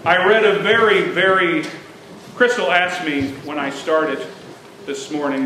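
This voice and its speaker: A middle-aged man preaches in a high, bright voice, taking his time with each story. He builds to emphatic points from the pulpit. The sanctuary adds echo and a faint room hum. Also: a little slow. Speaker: pastor. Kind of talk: sermon. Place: church sanctuary. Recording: echoey church sanctuary.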